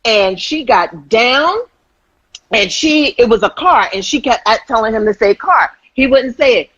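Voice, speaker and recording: Woman w/ husky voice, acts out every quote, dry muffled sound. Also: a little high, measured pace, no room sound. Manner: animated storyteller, acts out quotes. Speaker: host. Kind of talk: casual chat.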